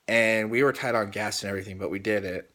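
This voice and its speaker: A man's voice: lowish voice, fairly even intonation, quick pace, fairly bright tone. A man in his thirties casually recapping a coaching call, retelling quotes at length with rambling restarts.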